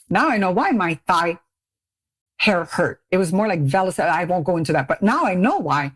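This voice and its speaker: A middle-aged woman guest on a podcast, telling her story in casual chat and acting out quoted voices with big pitch jumps and frequent laughs. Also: animated, normal speed, dry recording. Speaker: podcast guest, beauty brand CEO. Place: Ontario, Canada.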